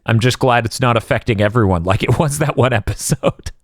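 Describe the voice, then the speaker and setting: A man's voice: mid-range voice, a little fast, no room sound, studio quality. A man hosting a podcast, recapping anime episodes in a wry, jokey way and laughing often. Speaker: podcast host.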